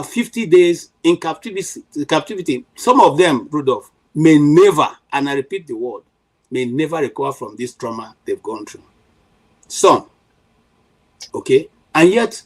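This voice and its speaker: A middle-aged Nigerian man speaks with a fairly high voice and plenty of fire. He argues his point emphatically on a panel, often restarting his sentences and filling gaps with "you know". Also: poor audio. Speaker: panel commentator. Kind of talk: impassioned political commentary.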